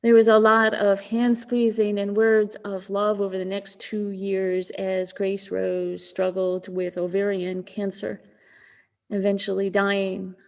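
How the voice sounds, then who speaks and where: Woman pastor giving a sermon, soft gentle storytelling, big echoey church hall. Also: mid-range voice, little pitch movement, creaky. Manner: gentle storytelling, slowing and softening to a near whisper in quoted moments. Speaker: minister. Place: church sanctuary.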